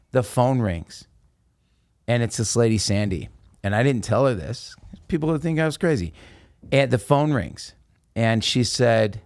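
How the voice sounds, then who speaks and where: Male podcast guest, mid-pitched, animated storyteller, dry close sound. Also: unhurried, pauses often, no room sound. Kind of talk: casual storytelling.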